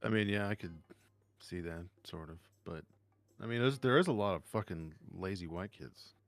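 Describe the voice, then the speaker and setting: A man co-hosting a podcast, telling stories in a casual, profane, animated way. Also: deep voice, normal speed, no room sound. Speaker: podcast co-host. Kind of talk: casual storytelling chat.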